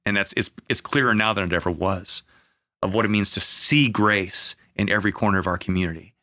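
A man speaking as a pastor in a conversational podcast, earnest, with many fillers, slowing into a preaching cadence at times. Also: low-pitched, steady tone, sharp tone. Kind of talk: conversational podcast talk on faith.

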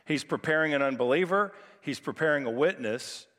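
A man's voice: a little high, lively intonation, a little fast, fairly bright tone. A man preaching a sermon as pastor, talking in a conversational way and telling a humorous personal story. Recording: reverberant hall recording.

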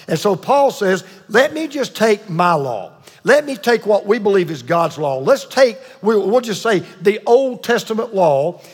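A man's voice: sits high, breathy edge, in a large hall. A man preaching a sermon with emphatic delivery, repeating key points and calling on the congregation to answer. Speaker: pastor.

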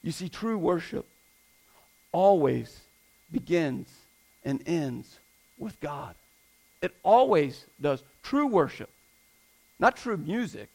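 A man's voice: a little high, gravelly, rough recording. A man preaching a sermon as pastor, emphatic, repeating his points and asking the congregation rhetorical questions.

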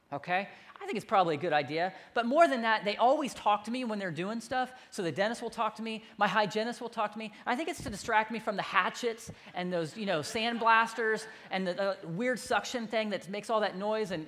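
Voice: mid-range voice, a bit bright, big-room sound. A pastor preaching a sermon in a conversational, self-deprecating storytelling manner.

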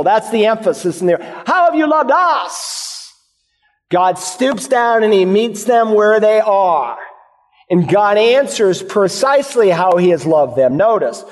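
A man's voice: high voice, a little mellow, long reverb tail. A male pastor preaching an expository sermon, posing and answering rhetorical questions for his listeners.

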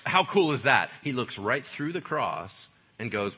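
A man preaching a sermon in a lively, conversational way, full of casual slang. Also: mid-range voice, unhurried, few pauses, husky. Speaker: pastor.

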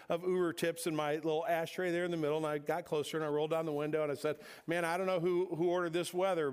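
A middle-aged man from the American Midwest preaching a conversational sermon, telling stories and often repeating words as he gathers his thoughts. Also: a little high. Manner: conversational preaching with storytelling asides, repeats words when pausing. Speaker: pastor.

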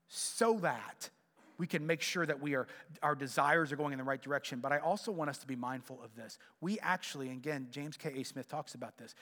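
A middle-aged man preaching a sermon, telling stories with animated swings and dropping to a near whisper on key points. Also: on the high side, brisk, in a large hall. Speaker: pastor.

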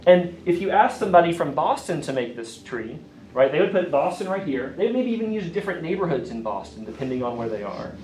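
A man from Virginia with a Southern accent, giving a lively classroom lecture and asking his audience questions. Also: on the high side, quick pace, slight background noise. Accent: Southern US, Appalachian Virginia. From Grayson County, Virginia, USA. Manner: energetic, asks the audience questions often. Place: lecture room. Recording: echoey room, mic from a distance.

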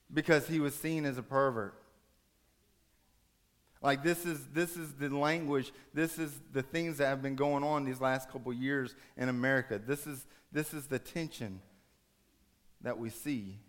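A man preaching a sermon, telling a story dramatically, rising to urgent raised passages and dropping to hushed soft ones. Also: on the high side.

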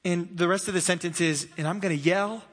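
A man's voice: sits high, fairly even intonation, a little fast, in a large hall. A man preaching a sermon in a church, chatty and laughing, acting out little voices along the way. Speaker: pastor.

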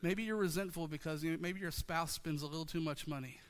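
Male pastor preaching, high bright voice, rhythmic repetition, long hall reverb. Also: a little fast. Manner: passionate, repetitive call-and-response preaching. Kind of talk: sermon. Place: church sanctuary.

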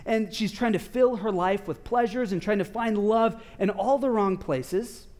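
High-voiced man preaching a conversational sermon. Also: measured pace. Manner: conversational, animated storytelling with asides to parents. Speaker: pastor.

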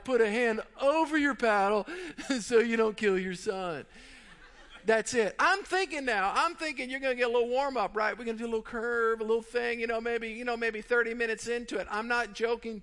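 A man who is a pastor, telling a funny story in a sermon as an animated storyteller who laughs through the tale. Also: very high voice.

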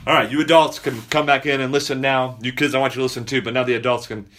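A man, a pastor, preaching a sermon to his congregation, repeating key phrases slowly for emphasis and stopping to speak directly to the children. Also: medium pitch, little pitch movement, a bit bright.

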